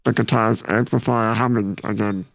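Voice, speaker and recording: Gravelly young man. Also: on the low side, steady tone, normal speed, no room sound. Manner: brief, laid-back remarks. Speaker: podcast co-host. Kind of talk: casual chat about music.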